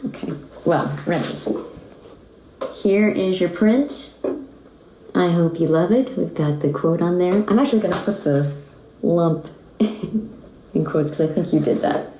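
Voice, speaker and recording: A woman's voice: fairly low pitch, a little slow, pauses often, dark tone, reverberant, slight background noise, poor audio. A woman from the United States, a voice actress who chats casually with fans while she signs autographs. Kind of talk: casual live-stream chat.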